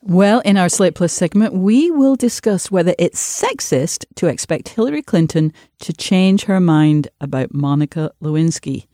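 A woman's voice: lowish voice, animated, moderate pace, hardly any pauses, dark tone, dry recording, studio quality. A woman co-hosting a podcast, chatting casually and reading a promo. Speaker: podcast co-host.

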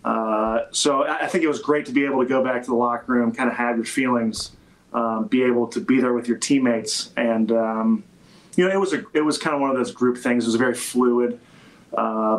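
A man, a football player, answering interview questions in a halting way with many fillers and restarts. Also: mid-range voice, low-quality recording. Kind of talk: interview conversation.

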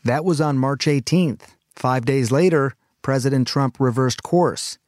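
Calm man hosting a news podcast. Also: medium pitch, noisy background. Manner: calm, measured, earnest delivery. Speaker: medical correspondent and podcast host. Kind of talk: scripted news narration.

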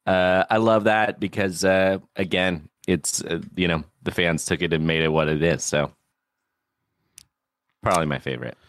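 A man's voice: deep voice, fairly even intonation, normal speed, a bit bright, no room sound, clean studio sound. A man co-hosting a podcast in casual chat, telling stories in an easygoing way. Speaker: podcast co-host.

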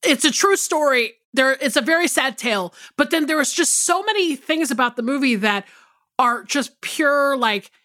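A woman co-hosting a casual chat show. Her high voice sounds bright and forward, and she rambles from one thought to the next with plenty of "like" and "I mean." She swears easily. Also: moderate pace. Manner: rambling, animated, swears freely, many fillers. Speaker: podcast co-host.

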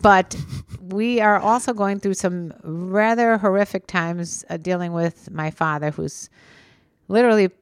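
A woman's voice: medium pitch, measured pace, smooth, no room sound, clean studio sound. A middle-aged woman co-hosting a casual podcast, chatty and teasing, with an easy laugh. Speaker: podcast co-host.

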